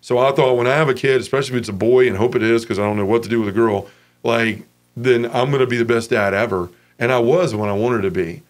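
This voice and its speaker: A man's voice: mid-range voice, fairly even intonation, fast talker. A man in his forties from Memphis, giving a frank, casual personal testimony as an interview guest.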